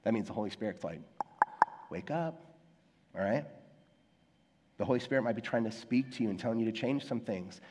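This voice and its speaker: A man's voice: on the low side, fast talker, heavy background noise. A young adult male pastor preaching a conversational, self-deprecating sermon, acting out quoted voices in his stories. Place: church sanctuary. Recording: long hall reverb.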